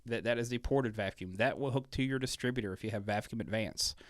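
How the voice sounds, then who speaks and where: A man's voice: fairly low pitch, fast talker, no room sound, studio quality. Easygoing man explaining engine tuning. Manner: loose and joking, technical explanations full of fillers. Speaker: co-host answering viewer questions. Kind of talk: casual tech Q&A chat.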